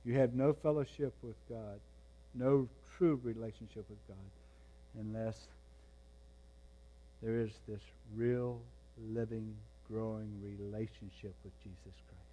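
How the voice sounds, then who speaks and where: A man preaching a sermon, moving between quiet, intense passages and raised, emphatic ones. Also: lowish voice, fairly even intonation, measured pace. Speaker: pastor.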